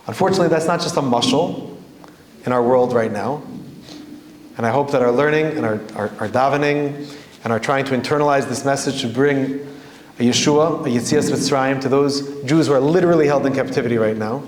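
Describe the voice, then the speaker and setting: A man, a rabbi teaching a storytelling Torah lesson, animated and repeating phrases for emphasis. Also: mid-range voice, brisk, a little hiss or hum. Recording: echoey hall with faint ambience.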